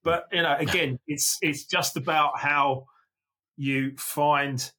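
A man, a podcast guest telling casual, animated anecdotes and acting out his own quoted lines. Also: on the high side, slow. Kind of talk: casual conversational storytelling.

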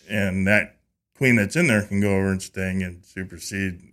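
A man guesting on a podcast, chatting casually and telling a lively story, acting out quoted dialogue with frequent restarts and repeated words. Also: low-pitched, normal speed. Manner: animated, acts out quoted dialogue with lively voices.

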